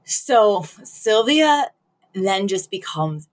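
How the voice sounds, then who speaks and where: Animated woman recapping a sitcom episode. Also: mid-range voice, drawn-out words. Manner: animated storytelling, acting out quotes, frequent laughter. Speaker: podcast co-host.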